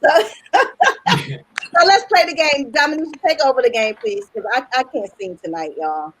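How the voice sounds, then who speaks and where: A woman hosts a relaxed livestream from a video call, chatting, joking and laughing easily. Her voice sits high. She rolls from banter into game rules and prize details without stiffness. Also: normal speed, low-quality recording. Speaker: host and publisher. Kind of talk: casual livestream hosting.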